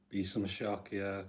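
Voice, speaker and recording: A fairly low-pitched man hosting a casual livestream. He talks in a relaxed, offhand way, laughs a lot and ends most sentences with "bro". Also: a little hiss or hum. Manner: laid-back, says "bro" constantly, laughs often. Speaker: livestream host.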